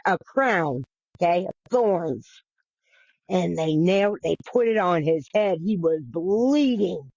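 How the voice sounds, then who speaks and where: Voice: medium pitch, darkish tone, no room sound. A podcast host retelling a bible story in a casual, earnest way, with frequent restarts, repetition and the odd swear. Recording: dull, dry lo-fi recording.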